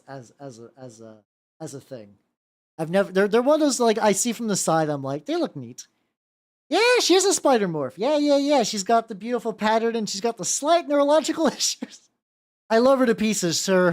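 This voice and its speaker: This woman's medium-pitched voice comes through as she paints miniatures and chats on a live stream. Excitable and quick to curse, she tends to say things twice.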